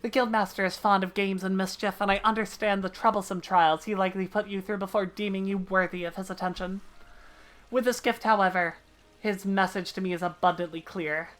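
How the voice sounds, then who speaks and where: A woman's voice: mid-range voice, steady tone, fairly quick, close to an everyday voice. A woman voicing a prim, scholarly female mage from a game, read in a formal, mock-British manner. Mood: earnest. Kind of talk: reading game dialogue aloud in a voice.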